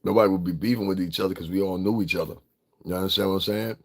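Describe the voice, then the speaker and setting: A man's voice: deep voice, fairly even intonation, rapid-fire, gravelly. A middle-aged man from Connecticut, ranting bluntly and profanely in a casual livestream, laughing often. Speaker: vlogger.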